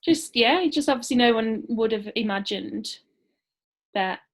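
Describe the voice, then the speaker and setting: A woman's voice: fairly high pitch, unhurried. A woman chatting with her husband over a video call from downstairs at home, self-conscious and giggly, speaking a little formally. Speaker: guest, host's wife. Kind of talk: casual chat.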